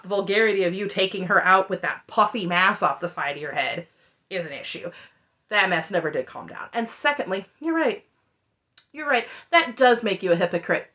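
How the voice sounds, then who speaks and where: A woman's voice: medium pitch, sharp tone, dull audio. A woman recapping a reality show in casual commentary, sarcastic and exasperated. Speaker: recap vlogger.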